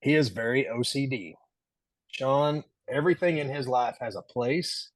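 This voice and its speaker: A man's voice: medium pitch, normal speed, no room sound. A man guest on a podcast, telling stories casually and animatedly, laughing often and acting out the quotes. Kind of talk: casual storytelling.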